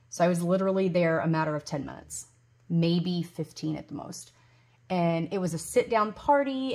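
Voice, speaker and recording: A woman's voice: fairly low pitch, steady tone, a little fast. A woman in her forties chatting casually to her vlog audience, rambling with lots of ums and restarts, and gushing over gifts. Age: 40s. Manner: gushes loudly over gifts. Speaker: budgeting vlogger.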